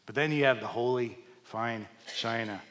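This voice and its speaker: A man preaching a sermon to his congregation, asking them questions and swinging between loud emphatic peaks and hushed low lines. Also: normal speed, a little hiss or hum. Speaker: pastor. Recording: long hall reverb.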